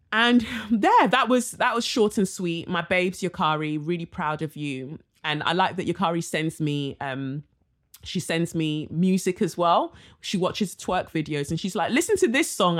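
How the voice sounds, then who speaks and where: A young woman from Nigeria hosting a casual solo podcast, chatty and warm, full of slang and fillers. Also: on the low side. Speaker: podcast host.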